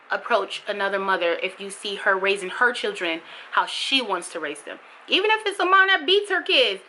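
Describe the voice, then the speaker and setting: A young woman speaks straight to camera in an impassioned, emphatic vlog, her voice bright and forward. She leans on repetition to drive points home, with a faint hum of room noise behind her. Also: low-quality recording. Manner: bursts high and loud when mimicking others. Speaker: vlogger. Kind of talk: candid vlog monologue.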